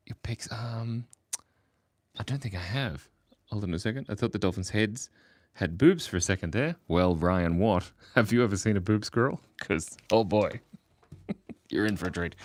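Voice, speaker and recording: A man hosts a relaxed drawing stream, joking and laughing as he reads messages from chat. His voice sits on the low side but swings widely up and down. The sound is close and dry, with almost no room in it. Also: no room sound. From Australia. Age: 40s. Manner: goofy, rambling, reads chat aloud, laughs often. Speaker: livestream drawing host. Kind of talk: casual chat while drawing. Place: home, early morning.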